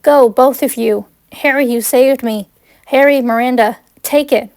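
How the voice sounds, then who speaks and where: A woman's voice: sits high, steady tone, a little slow, darkish tone, dry recording. A woman voicing a friendly, brave teenage boy wizard in a fan audiobook, talking casually.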